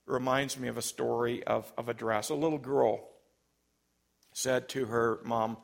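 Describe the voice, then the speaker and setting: A man's voice: mid-range voice, steady tone, normal speed, vocal fry. A man, a pastor, preaching an emphatic sermon and telling stories. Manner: emphatic, storytelling, big swings in loudness.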